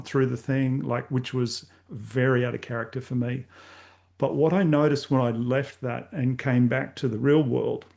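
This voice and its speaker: A man's voice: medium pitch, gravelly, darkish tone. An older Australian man telling candid, rambling personal stories as an interview guest. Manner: candid, rambling anecdotes with many fillers. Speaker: podcast host guest. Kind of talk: casual storytelling interview.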